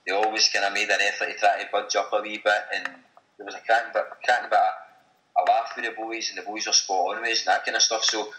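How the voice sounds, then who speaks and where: A man's voice: on the low side, little pitch movement, quick pace, bright, forceful tone, reverberant, slight background noise, low-quality recording. A Scottish man telling a story as a guest in casual chat, swearing freely and laughing as he talks. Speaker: guest, supporters' group member.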